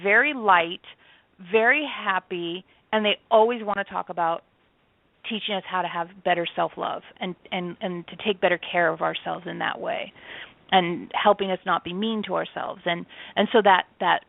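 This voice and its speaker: A woman's voice: fairly low pitch, normal speed, gravelly, no room sound. Chatty woman on a tinny phone line. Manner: chatty, enthusiastic, many restarts. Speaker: channeler and author, interview guest. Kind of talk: casual interview talk.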